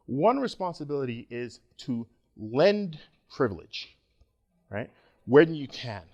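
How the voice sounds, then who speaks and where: A middle-aged man from Nigeria giving a conference talk, joking and animated with the audience. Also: fairly high pitch. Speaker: conference speaker.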